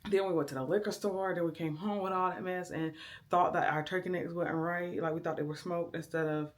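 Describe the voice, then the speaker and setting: Talking a little fast in a fairly low, steady voice, a young vlogger addresses her viewers directly in a casual, relaxed chat. She's indoors at home, filming on a handheld camera.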